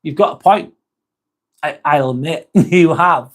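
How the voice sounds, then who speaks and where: A man's voice: on the high side, unhurried. A young man hosting a casual live stream, chatting to viewers, swearing now and then and calling people mate. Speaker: livestream host reading chat.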